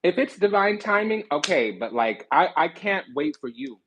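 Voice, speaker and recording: Man, young adult, tarot reader. Sassy, blunt delivery with a husky, higher-pitched voice. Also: moderate pace, poor audio. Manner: animated, sassy and blunt, swears freely. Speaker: spiritual card reader. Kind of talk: tarot reading.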